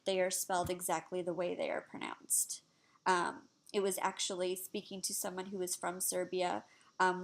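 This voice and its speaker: A woman giving a class presentation on language teaching, hesitant with frequent pauses and fillers. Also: mid-range voice. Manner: hesitant, many ums. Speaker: student presenter.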